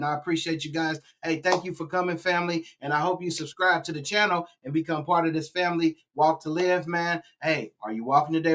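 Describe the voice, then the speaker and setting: A man's voice: on the high side, fairly bright tone. Chatty man reacting, calls viewers family. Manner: exclaims and repeats himself. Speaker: YouTube reaction host. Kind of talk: casual reaction commentary.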